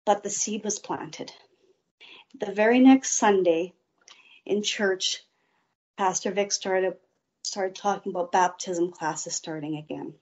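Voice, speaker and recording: A woman's voice: mid-range voice, darkish tone, highs cut off. A woman guest earnestly telling a personal faith testimony in an interview. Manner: slow, earnest storytelling.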